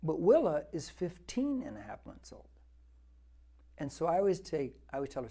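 A man's voice: a little high, huge pitch swings, moderate pace, gravelly, mellow, breathy edge. A man in his sixties preaching a verse-by-verse Bible teaching, talking conversationally and repeating words for emphasis as he builds to fervent exhortation. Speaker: pastor.

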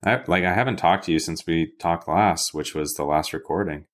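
A man's voice: sits low, moderate pace. A young man co-hosting a podcast in casual chat, joking and self-deprecating, acting out little voices as he tells stories. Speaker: podcast co-host.

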